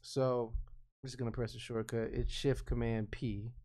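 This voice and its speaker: A man's voice: medium pitch, measured pace. A man talking casually through a screen-recorded editing tutorial, narrating each click as he thinks aloud. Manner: relaxed and conversational, with frequent restarts. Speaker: freelance video editor explaining his workflow.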